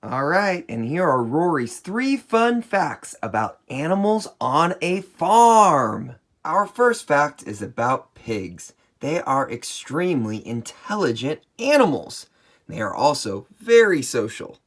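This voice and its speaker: A woman presenting a children's learning video, speaking very slowly and deliberately. Her pitch swings widely and playfully as she gasps in surprise and imitates animal noises for young viewers. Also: very animated. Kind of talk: children's educational storytelling.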